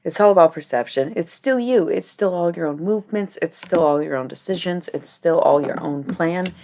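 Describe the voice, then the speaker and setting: A woman's voice: on the low side, normal speed, dark tone. A young adult woman chatting casually on a livestream while reading cards, rambling, giggly and swearing freely.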